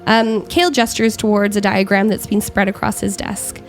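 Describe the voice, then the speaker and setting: A woman narrating as game master of a tabletop game, describing scenes with frequent pauses and self-corrections. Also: medium pitch, little pitch movement, soft background music.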